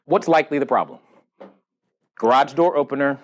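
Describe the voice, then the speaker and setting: A man's voice: high-pitched, moderate pace. A man hosting a live seminar, telling stories and asking the audience questions, acting out the dialogue as he goes. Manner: animated storyteller, quizzes the audience, acts out dialogue. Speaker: podcast host speaking at a live seminar. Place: event room with a live audience.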